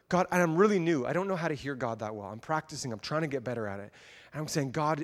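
A man preaching a sermon, telling a personal story with lively, self-deprecating asides and acting out his own inner thoughts. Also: medium pitch, long reverb tail. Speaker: pastor. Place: church.

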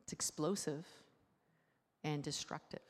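Low-voiced woman preaching in a reverberant hall. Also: measured pace, slightly rough. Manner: lively, many rhetorical questions, quiet guided breathing. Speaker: pastor. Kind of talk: conversational sermon. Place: church.

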